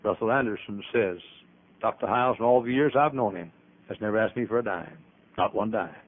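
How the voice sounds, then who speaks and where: An older man preaching a sermon as pastor, emphatic, with sudden loud rises and trailing, dropped endings. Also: fairly low pitch, a little fast. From American. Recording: tinny phone-like archival audio.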